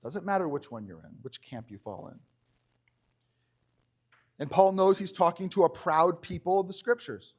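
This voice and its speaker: A man preaching in a church, his voice sitting a little high for a man. His delivery is conversational and animated, with joking asides, and he slows down to read scripture aloud. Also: husky. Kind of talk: conversational sermon.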